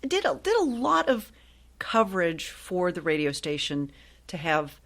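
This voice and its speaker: A woman in her sixties from Ohio, a guest telling stories in a chatty, lively way with frequent laughs. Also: on the low side, unhurried. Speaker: guest, actress and voiceover artist. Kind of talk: casual interview storytelling.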